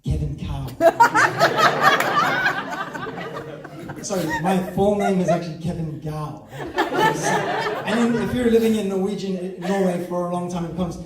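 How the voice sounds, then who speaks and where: A man working a theatre crowd with a stand-up set, his voice a touch high for a man. He is loose and self-mocking and laughs at his own lines. The sound bounces around the hall and comes from some way off the mic. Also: huge pitch swings, slow, very noisy. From South Africa. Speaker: stand-up comedian. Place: theatre stage before a live audience. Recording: echoey hall from far off.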